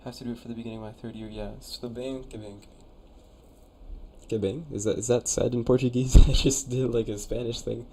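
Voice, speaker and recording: A young man chats loosely and casually, trying out sounds and replying to viewers as they write in. His voice is warm and mellow, sitting in a middle pitch. A faint steady hiss runs under the recording. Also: fast, few pauses. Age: young adult. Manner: chatty, laid-back, reads chat aloud. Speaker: streamer reviewing viewers' conlangs. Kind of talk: casual live-stream chat.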